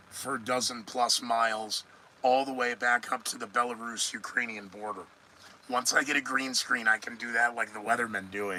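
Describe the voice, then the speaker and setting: A man with a mid-range voice that sounds pushed and bright hosts a solo news podcast, the rough recording carrying a faint hiss or hum. He comments sarcastically and at length, often answering what he just said.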